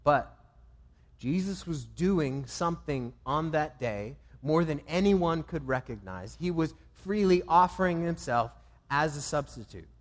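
A man preaching a sermon, swinging between loud emphatic lines and low, quiet ones. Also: expressive, measured pace, in a large hall. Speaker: pastor.

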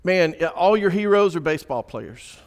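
A man preaching a sermon, swinging between hushed and emphatic delivery. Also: high voice, lively intonation, moderate pace. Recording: echoey church hall.

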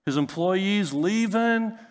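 A man's voice: high voice, expressive, slow pace, clean tone, long reverb tail. Humorous male pastor preaching. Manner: conversational, humorous, asks rhetorical questions. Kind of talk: sermon.

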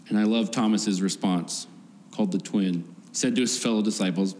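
A man's voice: fairly low pitch, fairly even intonation, fairly quick, darkish tone. A man giving a conversational sermon, often laughing and acting out voices from the story. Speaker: preacher. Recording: faint background noise, long hall reverb.

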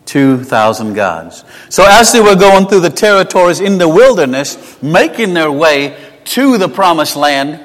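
A man with a South African accent preaching a sermon. He talks conversationally and tells personal stories, moving between emphatic lines and hushed asides. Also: a little high. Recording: long hall reverb.

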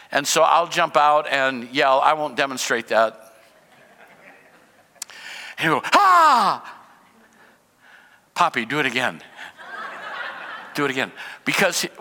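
A man's voice: fairly high pitch, pushed and bright, in a large hall. An older man preaching a sermon in a conversational way, asking rhetorical questions and mixing in humor. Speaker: pastor.

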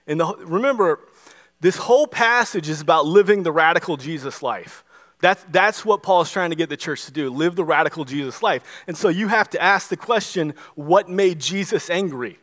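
In a hall with long reverb, a high-voiced pastor preaches a sermon at normal speed. He's animated, performing the voices of the people he quotes.

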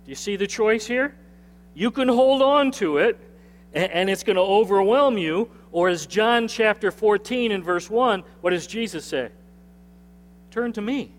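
High-voiced male pastor in echoing sanctuary. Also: animated, normal speed, a little hiss or hum. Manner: conversational, repeats phrases, asks the congregation to respond. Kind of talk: sermon. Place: church sanctuary with a screen. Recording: long hall reverb from a sanctuary.

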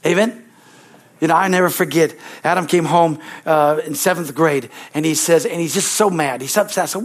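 A man's voice: on the high side, normal speed. A middle-aged male pastor preaching a sermon emphatically, calling out for amens from the congregation.

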